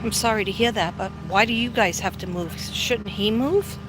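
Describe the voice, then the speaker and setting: A woman's voice: mid-range voice, normal speed, background noise. A middle-aged woman chatting casually on a live stream while out on a walk, rambling and reading viewer comments aloud. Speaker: psychic vlogger. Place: outdoors on a walk.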